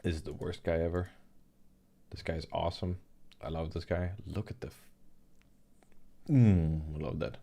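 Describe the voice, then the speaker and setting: A young man hosting an art livestream, rambling and joking in a relaxed chat while he laughs and swears. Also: low voice, normal speed, gravelly, pauses often. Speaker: livestream host and digital artist.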